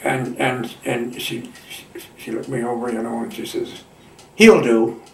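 A man in his nineties from Michigan, a veteran telling his war memories in a halting, folksy way with plain colloquial grammar. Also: mid-range voice, flat delivery, vocal fry, roomy sound, recorded from a distance. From Michigan, United States. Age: 90s. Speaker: veteran interviewee. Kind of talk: oral history reminiscence.

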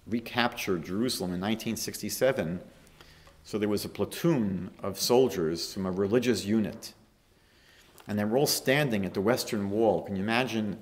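A man, a rabbi, giving a storytelling lecture on a holy day that rises to emphatic peaks. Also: lowish voice. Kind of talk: lecture sermon.

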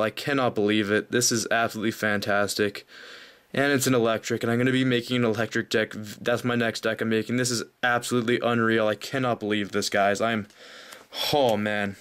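A young man narrating a card pack opening off camera, talking casually and growing breathless with excitement. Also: lowish voice, a little fast, smooth. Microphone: off-camera voice, hands at table.

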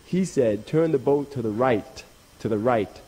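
A man's voice: medium pitch, expressive, a little slow, warm tone, slightly rough. A man voicing a vain, sly dog in a told folk tale, speaking smugly and drawling.

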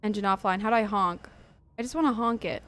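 A woman gaming streamer gives nervous, jumpy let's-play commentary, swearing a lot and gasping at every scare. Her mid-range voice is fairly bright and fast, with faint music in the background.

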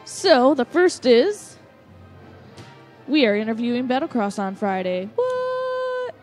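A woman's voice: a little high, expressive, measured pace, darkish tone, faint music behind. A young woman, co-hosting a podcast and reading out show announcements in a chatty, upbeat way. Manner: chatty, upbeat, stumbles over band names. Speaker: podcast co-host.

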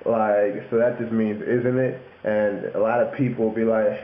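A man's voice: on the low side, flat delivery, normal speed, hardly any pauses. A young man casually explaining slang on his video blog, joking and laughing as he goes. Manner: jokey, laughing, puts on mock London voices for examples. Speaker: YouTuber. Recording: echoey room, tinny lo-fi webcam audio.

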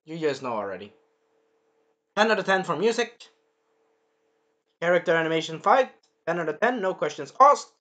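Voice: medium pitch, big pitch swings, moderate pace, pauses often, a bit bright. A reviewer giving a casual spoken episode review, rambling and swearing, with many fillers and restarts. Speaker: show reviewer.

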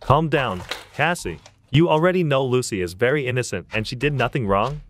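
A woman plays a sweet-talking young boyfriend in a storytime cartoon, with an extremely low voice. He talks softly and earnestly in simple phrases. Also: animated, fairly quick, slight background noise.

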